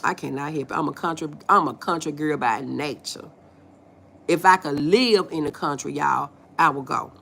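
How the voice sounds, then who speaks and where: This livestream host is a woman with a deep voice, vocal fry, and a Southern US accent, talking at a normal pace over slight background noise. She reads the chat out loud and replies in an animated, folksy, playful way, with lots of laughter.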